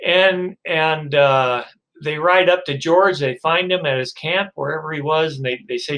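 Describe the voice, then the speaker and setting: A male professor giving a recorded lecture, telling a story in a relaxed, hesitant way with many fillers. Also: fairly high pitch, measured pace, rough recording.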